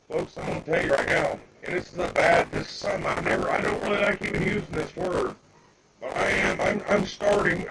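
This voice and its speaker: An older man ranting angrily on a live phone video outdoors in the bright sun, repeating himself and calling out to "folks". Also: on the high side, creaky, heavy background noise. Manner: heated, repetitive, keeps calling out "folks". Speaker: livestreamer. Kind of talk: angry live-video rant.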